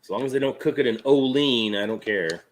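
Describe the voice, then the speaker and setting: A man's voice: mid-range voice, fairly quick. Joking man with a faint noisy backdrop. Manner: laughs easily, loose and joking. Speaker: podcast co-host. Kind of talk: casual chat.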